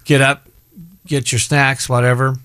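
A man's voice: medium pitch, flat delivery, unhurried, fairly bright tone, clean tone, dry recording. A middle-aged man hosting a casual chat show, rambling and often breaking off mid-sentence. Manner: rambling, self-interrupting, chatty. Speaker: show host.

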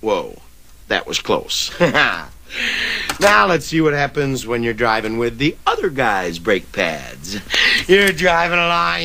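A frantic, bumbling salesman, lurching from babble into shrill yelps. His voice is high and gravelly, with a hiss of noise under the old film clip. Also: sharp tone, full character voice. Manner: rambling, acts out scenes with sound effects and shrieks. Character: bumbling excitable male salesman. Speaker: brake pad salesman.

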